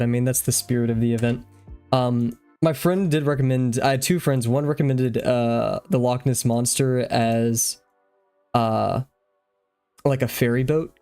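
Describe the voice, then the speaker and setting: A man's voice: medium pitch, darkish tone. Breathless, rambling young man streaming. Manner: rambling, easily distracted. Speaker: drawing live-streamer. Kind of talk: casual live-stream chat.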